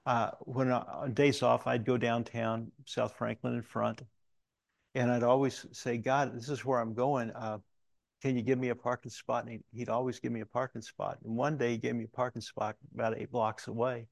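A middle-aged man from Alaska preaching a sermon, telling folksy stories with halting restarts. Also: mid-range voice, level tone, gravelly, no room sound. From Alaska, USA. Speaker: pastor.

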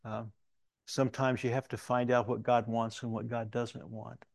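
A middle-aged man from Alaska preaching a sermon, telling folksy stories with halting restarts. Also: mid-range voice, level tone, gravelly, no echo. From Alaska, USA. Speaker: pastor.

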